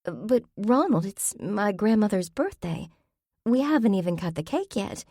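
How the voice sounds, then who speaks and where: A woman's voice: fairly low pitch, normal speed, mellow, no room sound, studio quality, natural voice. A woman doing a whiny young woman. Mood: pleading. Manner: pleading, whining.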